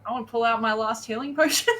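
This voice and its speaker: Aussie woman gaming, bright and a bit high, animated. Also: fast, poor audio. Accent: Australian. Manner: animated, describes her character's actions. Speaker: player. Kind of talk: casual tabletop play.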